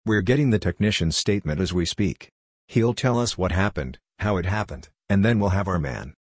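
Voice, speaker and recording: A calm, smug police detective, voiced by a man reading a story, who speaks slowly and knowingly. The voice sits low with a slight husk. The recording is dry and close. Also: no room sound.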